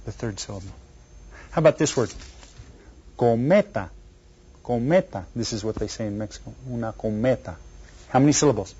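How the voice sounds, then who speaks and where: A man teaching an elementary Spanish lesson to children, repeating each word slowly and quizzing the listener. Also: medium pitch, animated, dark tone, breathy edge. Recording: dull lo-fi recording.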